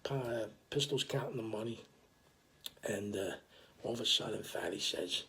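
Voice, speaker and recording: An older man telling a story in a casual, animated, profane way, full of restarts. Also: fairly low pitch, moderate pace, creaky, long pauses.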